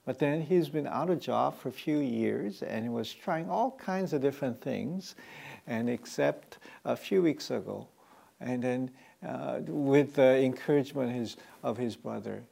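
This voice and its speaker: A man preaching a sermon as pastor, speaking haltingly with frequent fillers and restarts. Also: medium pitch, vocal fry, a little mellow.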